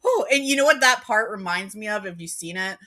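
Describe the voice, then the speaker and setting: A woman's voice: medium pitch, lively intonation, a little fast, sharp tone. A woman vlogging in a casual chat, rambling and giggly, filling her talk with "like". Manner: rambling, giggly, heavy use of "like".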